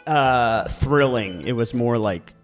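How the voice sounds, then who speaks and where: Faint music sits behind this slow-speaking, medium-pitched podcast co-host with a Baltimore accent. A real estate agent, he's an animated storyteller who laughs and swears through casual tales.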